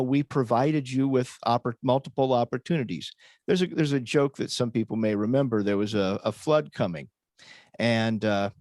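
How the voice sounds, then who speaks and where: A man speaking as a panelist in a casual chat, measured, with dry sarcastic humor. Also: medium pitch, a little mellow, no room sound.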